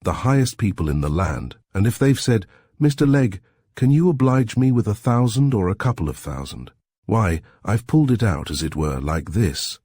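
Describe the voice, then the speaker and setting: A man voicing a pushy, ingratiating middle-aged crook who talks loud and emphatic. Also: lowish voice, animated, normal speed, no echo, studio quality, voice pushed up. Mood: wheedling.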